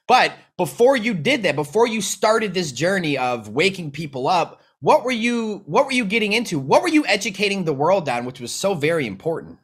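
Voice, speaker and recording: Young man, podcast host, energetic, emphatic, fairly high voice. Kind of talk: casual interview.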